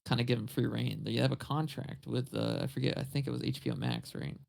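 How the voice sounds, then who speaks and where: A man's voice: medium pitch, sing-song, fast talker, vocal fry, a little mellow. A man co-hosting a podcast, ranting bluntly and swearing in casual banter. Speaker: podcast co-host.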